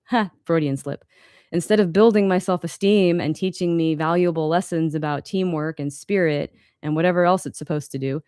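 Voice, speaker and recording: Smooth-voiced woman reading her memoir. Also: on the low side, normal speed, dark tone, dry recording, studio quality. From Los Angeles, USA. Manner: candid, wry, occasionally stumbles and corrects herself. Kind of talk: live book reading.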